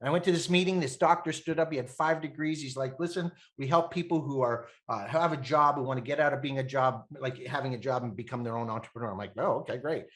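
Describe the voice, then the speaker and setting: A man in his fifties from Canada, a podcast guest telling animated stories, laughing often and acting out the voices of people he quotes. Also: medium pitch, fast, hardly any pauses. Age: 50s. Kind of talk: animated storytelling.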